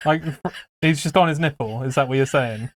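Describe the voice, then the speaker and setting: A man's voice: medium pitch, fairly quick. A man streaming, chatting casually and chipping in short, dry questions. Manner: brief reactions, dry questions. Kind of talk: casual chat.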